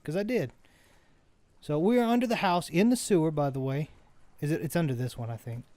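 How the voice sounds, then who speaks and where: A man who is an adult parent hosts a let's play, casually commentating a video game in a slightly high, brisk, mellow voice. He rambles in a chatty way and often corrects himself mid-sentence. There's no room sound.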